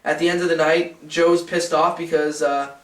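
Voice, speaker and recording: A man's voice: on the high side, flat delivery, moderate pace, roomy sound, distant mic. A man interviewed for a documentary, telling old stories bluntly and with plenty of swearing, acting out what others said. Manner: blunt and profane, acts out quoted dialogue. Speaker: documentary interviewee, wrestling insider. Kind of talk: candid recollection.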